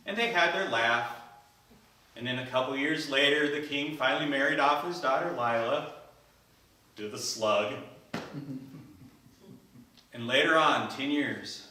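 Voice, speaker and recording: Male storyteller, animated, live event, bright tone, reverberant hall. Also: mid-range voice, a little slow, long pauses, slight background noise. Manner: animated, acts out the characters' lines. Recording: echoey hall, voice from a distance.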